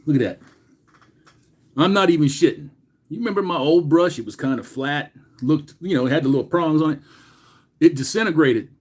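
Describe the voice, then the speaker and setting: A middle-aged man hosting a casual livestream, greeting chatters by name loudly and swearing crudely. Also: a little high, breathy edge. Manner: reads chat names aloud with loud greetings, crude swearing. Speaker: livestream host.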